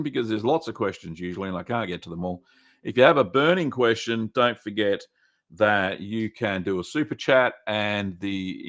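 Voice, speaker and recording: A man's voice: fairly low pitch, a bit bright. Chatty Australian man hosting a livestream. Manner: chatty, greets viewers by name, many fillers. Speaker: livestream host. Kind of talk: casual livestream chat.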